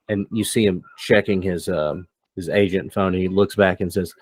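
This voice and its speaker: Low-voiced man narrating as game master. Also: steady tone, normal speed, husky, no echo. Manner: casual, rambling, many fillers.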